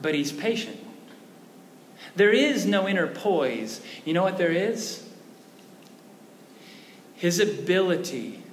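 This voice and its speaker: A male pastor preaching a sermon in a conversational way, often asking the congregation questions. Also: a little high. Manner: conversational, asks the audience questions. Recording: echoey hall with faint noise.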